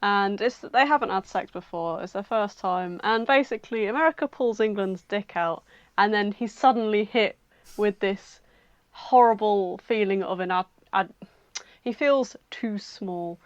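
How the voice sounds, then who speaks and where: A woman co-hosting a podcast, casually retelling a fan fiction in an animated, giggly way and acting out the voices. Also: medium pitch, measured pace, dry recording. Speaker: podcast co-host. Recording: dull lo-fi home recording.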